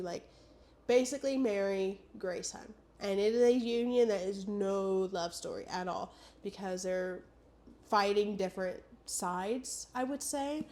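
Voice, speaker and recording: A young woman in her twenties, sick and stuffed up, rambles casually through a book vlog as a booktuber, saying "like" and "I don't know" a lot. Her voice is mid-range with a darkish tone.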